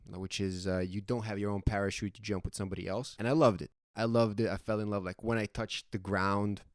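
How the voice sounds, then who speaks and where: A young man from Serbia with a Serbian accent, telling a story casually, animated and swearing freely. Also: on the low side, fairly quick, no echo, clean studio sound. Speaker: vlogger.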